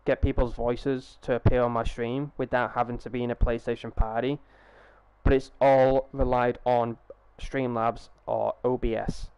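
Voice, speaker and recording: A man's voice: medium pitch, flat delivery, normal speed, darkish tone, clear, resonant tone, no room sound. A young man chatting casually on a live gaming stream through a headset, rambling, swearing freely and restarting his sentences.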